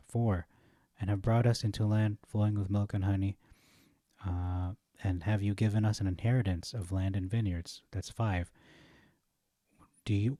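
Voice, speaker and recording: A man reading Bible verses aloud and commenting on them, thinking aloud, correcting himself and pausing on fillers. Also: fairly low pitch, warm tone, no echo, studio quality. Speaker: Bible study teacher.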